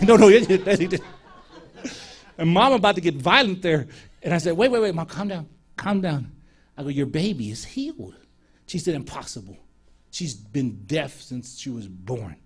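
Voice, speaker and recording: A man preaches from the pulpit, telling stories with plenty of energy. He acts out the voices of the people in his stories and laughs often. His voice sits fairly high for a man. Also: slightly rough. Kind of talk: sermon storytelling.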